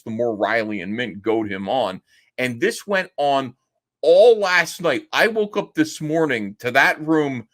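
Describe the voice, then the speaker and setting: A middle-aged man hosts a stream, rambling through a casual, profane rant in a mocking tone. His mid-range voice is a bit bright, and when he quotes others he mimics them in a raised voice.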